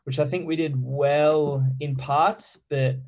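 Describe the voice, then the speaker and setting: A young Australian man, a rugby player, talking casually in an interview with a relaxed, halting delivery full of ums. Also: fairly high pitch, highs cut off. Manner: relaxed, halting with many ums, easy laughs. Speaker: professional rugby player, guest.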